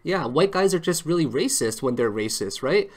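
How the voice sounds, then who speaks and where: A man's voice: fairly high pitch, lively intonation, moderate pace. A man talking through a live trading chart in an offhand, casual way. He wanders between jokes and analysis, restarting sentences and breaking off mid-thought. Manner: rambling, joking, self-interrupting. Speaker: livestream trading host. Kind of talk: casual market commentary.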